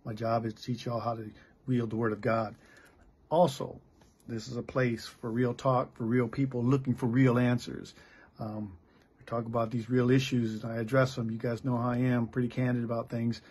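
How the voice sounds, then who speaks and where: Very raspy, gravelly middle-aged American pastor. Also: male voice, mid-range voice, level tone, normal speed, a little mellow. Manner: blunt, plain-spoken, frequent restarts. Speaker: pastor and missionary. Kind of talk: candid sermon.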